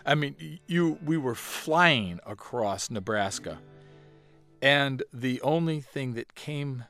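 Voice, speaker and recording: Animated man telling a story. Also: mid-range voice, slow pace, faint music behind. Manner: animated, wry. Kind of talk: first-person storytelling.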